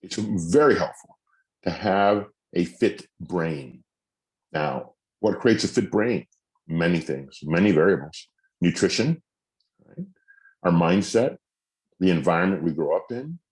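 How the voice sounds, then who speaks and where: A middle-aged man with a very deep, low voice teaches a mental fitness masterclass. He speaks earnestly and acts out example phrases, shifting his tone of voice to show how the same words can sound different. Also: lively intonation, measured pace, pauses often, darkish tone. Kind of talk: recorded masterclass talk.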